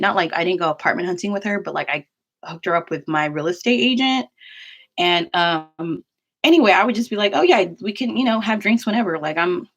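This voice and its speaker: A young woman with a somewhat low voice tells a story from her life in a loose, chatty way. She fills her sentences with "like" and breaks off into quick asides as she goes. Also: fairly bright tone. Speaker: vlogger. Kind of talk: casual storytelling.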